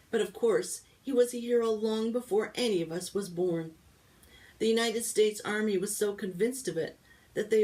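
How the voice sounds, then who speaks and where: A woman reads a children's novel aloud as a storybook read-aloud, with lively first-person narration. Her pitch is ordinary for a woman. The mic sits a little away from her. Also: far from the mic, poor audio. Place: library.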